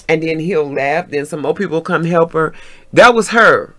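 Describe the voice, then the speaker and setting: Lively storytelling woman with a gravelly voice. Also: on the low side, moderate pace. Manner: lively storyteller acting out quotes, laughing often. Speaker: vlogger. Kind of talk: animated storytime.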